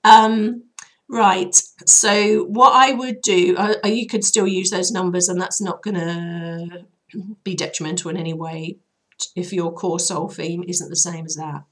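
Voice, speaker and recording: Hoarse woman talking through a healing process. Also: lowish voice, steady tone, unhurried, a bit bright. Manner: chatty, rambling, loose guiding talk with fillers. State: voice hoarse and troubled. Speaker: healer and channel host. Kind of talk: casual spoken guidance.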